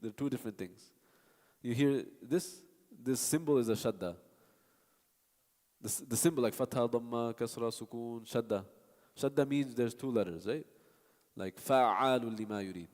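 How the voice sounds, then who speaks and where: A dark-toned, medium-pitched man speaks at a moderate pace while teaching a recitation class in a reverberant hall. Patiently, he explains, models sounds and answers his students.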